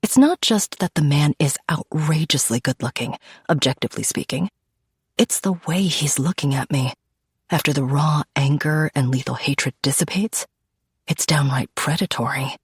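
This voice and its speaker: Low, husky woman narrating an audiobook. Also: normal speed, no echo, studio quality. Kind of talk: first-person dark romance narration.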